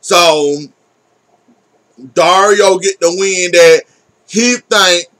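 Sassy male soap recapper with a high, bright voice who swears freely and scolds the characters. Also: fairly even intonation, very slow. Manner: sassy, blunt, profane, talks back to characters. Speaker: soap opera reviewer. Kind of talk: casual opinionated recap.

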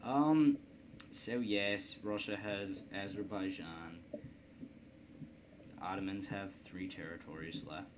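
A man with a somewhat low voice talks through a strategy game in a loose, rambling way, cracking jokes at his own expense. A steady hiss sits under the recording. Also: slow, long pauses. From Indiana, United States. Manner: rambling, joking, self-deprecating. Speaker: let's play host. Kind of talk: casual gameplay commentary. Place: at home computer.

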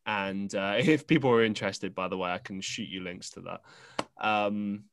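A smooth, fairly low voice belongs to an English man hosting a podcast at a moderate pace with a steady tone. He tells a chatty, wandering story into a podcast microphone, often using fillers and restarting sentences.

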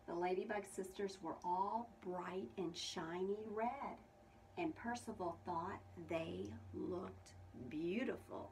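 A woman's voice: mid-range voice, slow, a little mellow. A woman preschool teacher reading a picture book aloud to young children, asking them questions about the pictures. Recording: distant mic with faint room noise.

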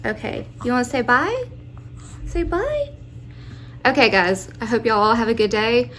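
A woman's voice: a little high, a little fast, fairly bright tone, slight background noise. A woman chatting casually in a home vlog, a little out of breath after exercising. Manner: chatty and informal, with fillers. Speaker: fitness vlogger.

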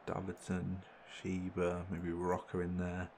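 A young man commentating his football management game, excitable and exclaiming when things go his way. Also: deep voice, a little slow, slight background noise. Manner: excitable, swearing mildly in exclamations. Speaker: gaming channel host. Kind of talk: gameplay commentary.

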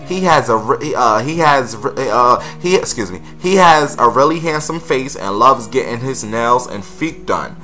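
A man's voice: mid-range voice, animated, normal speed, few pauses, pushed and bright, faint music behind. A man hosting a casual gossip vlog, sassy and blunt, calling his viewers honey and girl.

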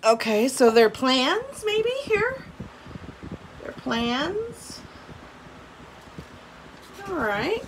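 A woman teacher reads a story aloud from home in a fairly high voice. She stops now and then to make casual asides to her class. A steady hiss and clicks sit under the noisy recording. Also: extremely slow, pauses often. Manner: breaks off to comment casually and laugh.

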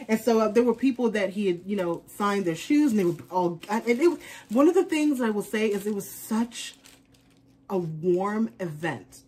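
A woman's voice: medium pitch, expressive, normal speed, warm tone, slightly rough. A woman chatting casually in an unboxing vlog, rambling on as a fashion vlogger.

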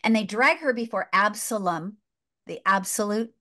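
Excited woman retelling a film as a sermon. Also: mid-range voice, normal speed. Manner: excited, emphatic, repeats herself. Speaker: guest. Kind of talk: animated storytelling in a faith talk.

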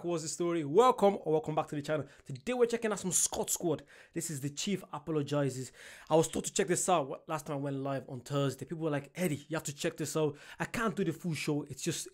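A young man hosting a casual reaction vlog, excitable and loud, often breaking into laughter. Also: on the high side, a little fast. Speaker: reaction vlogger.

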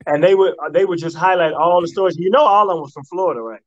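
A man's voice: high-pitched, racing, muffled recording, slight background noise. A male comedian telling stories in a laid-back, casual way as a guest on a radio talk show. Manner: laid-back storyteller who slips into mock voices.

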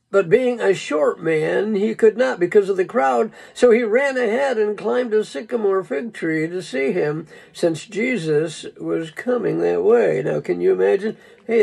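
A man's voice: sits high, darkish tone, low-quality recording. A man preaching a casual, folksy sermon, rambling and chuckling, calling people "dude". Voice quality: gravelly, husky.

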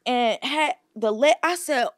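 A woman's voice: high-pitched, a little slow, no echo. Woman, from atlanta, guest on a podcast, playful, swears freely, dry close voice. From Atlanta, USA. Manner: playful, profane, giggly chatter. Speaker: guest rapper. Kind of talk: casual chat.

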